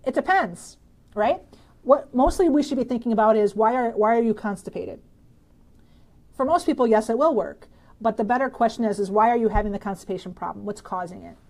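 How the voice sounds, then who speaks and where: A woman's voice: a little high, fairly quick, a little mellow. A woman from Michigan hosting a casual live stream, bubbly and chatty, reading out viewer comments and answering health questions with frequent laughs.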